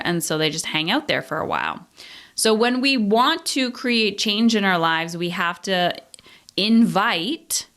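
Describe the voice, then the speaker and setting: A woman in her thirties hosts a solo podcast, candidly and introspectively talking through her feelings and swearing casually. Her voice is fairly low in pitch with a fairly bright tone.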